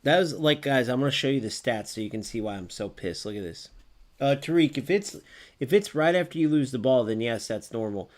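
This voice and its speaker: A young man streaming a football video game, reacting loudly to plays, swearing often and answering viewers in chat. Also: mid-range voice, animated, fairly quick. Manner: chats with live viewers by name. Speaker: gaming streamer. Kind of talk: live gameplay commentary.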